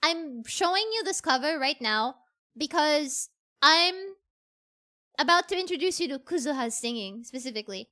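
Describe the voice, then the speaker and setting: High, bright-voiced gushing woman streamer. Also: normal speed. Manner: excitable, gushing, repeats herself. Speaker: VTuber streamer. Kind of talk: casual livestream chat.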